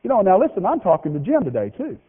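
A man preaching a folksy, joking sermon, with lively swings in pitch. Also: quick pace. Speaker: pastor. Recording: tinny phone-like radio broadcast of a hall.

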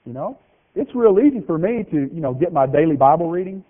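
A man preaching a folksy, joking sermon, with lively swings in pitch. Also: a little fast. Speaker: pastor. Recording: tinny phone-like radio broadcast of a hall.

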